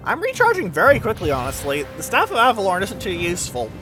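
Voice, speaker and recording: A man giving casual, excitable commentary over his own gameplay, swearing freely and breaking into silly sing-song chants. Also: high voice, quick pace. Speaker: video game let's play host. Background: game music.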